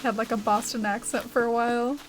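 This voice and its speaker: A woman's voice: fairly high pitch, steady tone, a little fast, soft background music, low-quality recording. A young adult woman streaming a game, chatting casually and reading chat aloud, rambling with lots of "like" and "uh". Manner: chatty, rambling, heavy use of "like" and "uh". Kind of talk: casual chat while playing.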